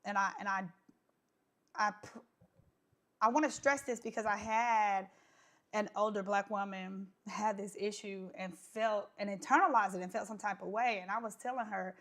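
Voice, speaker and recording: A woman's voice: medium pitch, fairly even intonation, normal speed, a bit bright. A woman hosting a casual live chat, outspoken and conversational. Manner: outspoken, conversational with filler words. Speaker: host of a live stream.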